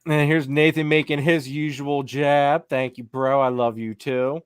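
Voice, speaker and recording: A man's voice: mid-range voice, little pitch movement, a little slow, clean tone, dry recording. Chatty man in his thirties, dry close mic. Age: 30s. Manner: rambling storyteller, laughs often. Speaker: podcast host. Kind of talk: casual chat reading live comments.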